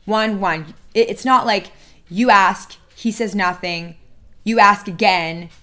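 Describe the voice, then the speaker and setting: A woman's voice: mid-range voice, takes it slowly, fairly bright tone. A woman hosting a dating advice video, speaking bluntly and emphatically and repeating her key points. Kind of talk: direct-to-camera advice talk.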